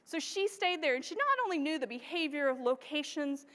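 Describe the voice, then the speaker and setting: A woman with a high, bright-pitched voice tells stories on stage to a live audience, lively and excited. Her voice rings out with a long reverb from the large hall. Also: fairly quick. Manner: enthusiastic, animated storytelling with frequent laughter. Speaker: wildlife photographer giving a stage presentation. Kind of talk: live storytelling presentation to an audience.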